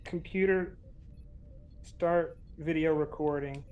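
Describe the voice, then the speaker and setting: A man's voice: a little high, steady tone, takes it slowly, a little mellow, dull audio. A man playing a formal starship captain of noble birth, dictating a ceremonious, humble petition. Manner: stiff, ceremonious, humble pleading.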